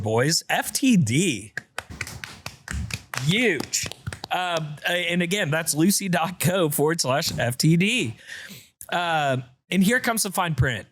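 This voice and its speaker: A man's voice: fairly high pitch, a bit bright, no echo. A man hosting a podcast, talking in a laid-back, rambling way and reading an ad. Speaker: podcast host. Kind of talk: casual chat with an ad read.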